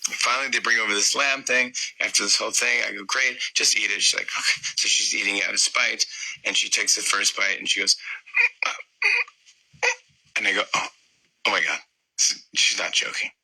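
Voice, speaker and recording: Bright-voiced man telling a story. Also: on the low side, a little fast, slightly rough, poor audio. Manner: animated storyteller, acts out voices in quotes. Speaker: comedian guest. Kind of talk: storytelling interview chat.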